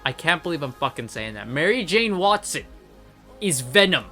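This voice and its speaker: A man rants angrily and profanely while reviewing comics, repeating his points for emphasis. His voice is a little high, very animated and sharp-toned at a moderate pace, with faint music behind him.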